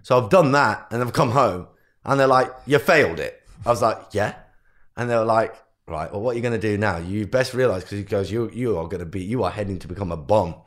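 A man's voice: lowish voice, fairly quick. A young man, a guest entrepreneur, telling his life story in a podcast interview and acting out what his parents and teachers said. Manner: animated storyteller who acts out quotes of family.

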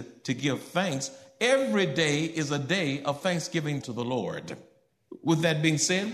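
A man preaching a sermon to his congregation in church, asking them questions and building to emphatic high points. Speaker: pastor.

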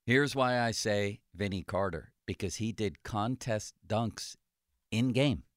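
A man, a sports journalist, chatting casually about sports in a lively, joking way. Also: lowish voice, dry recording, clean studio sound. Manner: lively, joking, quick to laugh.

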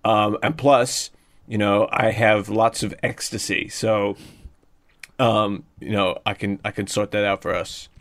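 A man co-hosting a comedy podcast, improvising silly ideas in a hesitant, deadpan way full of ums. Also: on the low side, measured pace.

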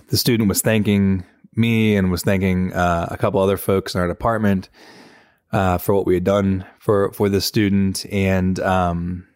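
A male faculty member co-hosting a casual chat, telling stories in a relaxed, teasing way with plenty of fillers. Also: sits low, smooth, no echo, studio quality.

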